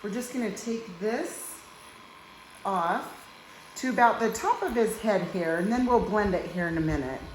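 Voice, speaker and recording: A woman's voice: mid-range voice, lively intonation, normal speed, slight background noise. A woman hairstylist giving a casual haircut tutorial, chatting and cooing in baby talk to a toddler as she works. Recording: roomy room echo.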